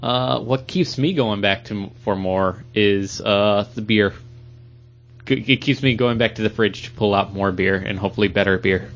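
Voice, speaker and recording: A man's voice: lowish voice, moderate pace, a little hiss or hum. A man co-hosting a podcast, joking and offhand in casual chat. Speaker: podcast co-host. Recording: dull lo-fi sound.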